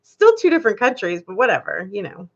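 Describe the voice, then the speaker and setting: A woman's voice: medium pitch, very animated, fast talker, lo-fi sound. A woman hosting a live stream, chatting casually with viewers and reading their comments, giggling often. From Canada.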